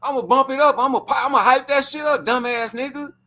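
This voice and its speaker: A man streaming a casual rant full of profanity, animated and taunting. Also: very high voice, fast talker. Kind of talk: casual ranting commentary stream.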